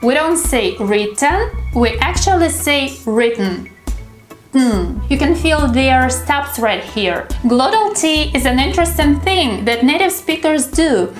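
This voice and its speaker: A woman's voice: high voice, lively intonation, echoey room, soft background music. A young woman with a Russian accent, teaching English pronunciation and carefully sounding out words for her viewers to repeat. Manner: slow, careful articulation of drill words. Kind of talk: pronunciation lesson.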